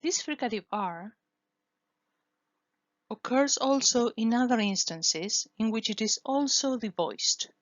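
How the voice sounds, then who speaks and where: A woman's voice: on the high side, lively intonation, slow, pauses often, no echo, lo-fi sound. A woman whose first language is Spanish, teaching English phonetics in a careful lesson, repeating each sound to demonstrate it. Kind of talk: scripted lesson.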